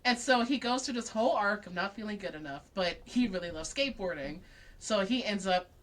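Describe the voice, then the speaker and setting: A woman guest in a casual interview, telling a story in an animated way with lots of acted-out dialogue and frequent laughs. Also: medium pitch, a little fast. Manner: laughs often while talking.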